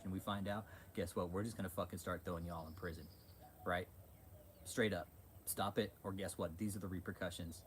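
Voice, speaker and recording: Low-voiced, profane man ranting. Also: a little hiss or hum. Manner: heated, profane, repetitive. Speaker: channel host. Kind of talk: profane livestream rant.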